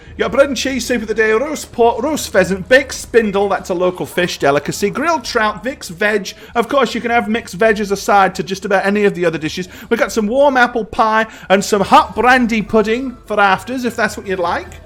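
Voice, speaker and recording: A man's voice: high voice, moderate pace, few pauses, fairly bright tone, pitched above the performer's own voice. A man voicing a weary tavern serving woman in her mid-thirties, sighing and harried, who turns chatty when she reels off the menu.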